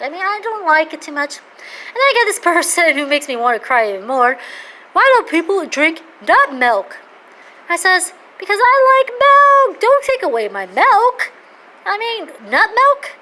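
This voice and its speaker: A woman in her thirties talking in a casual, rambling monologue, excitable and jumping between topics. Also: slight background noise, rough recording. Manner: excitable, rambling, jumps to loud high-pitched outbursts. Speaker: vlogger.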